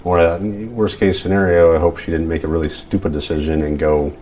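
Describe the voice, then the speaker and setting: A middle-aged man, a father, speaking in an interview in a halting, rambling way with many fillers. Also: deep voice, little pitch movement, warm tone, slight background noise. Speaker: father of missing woman.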